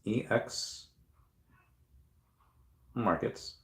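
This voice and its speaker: A man's voice: very slow, a bit bright, reverberant. A man hosting a casual livestream from home, reading viewer comments aloud and thinking aloud with lots of fillers. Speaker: crypto livestream host. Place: room at home at night.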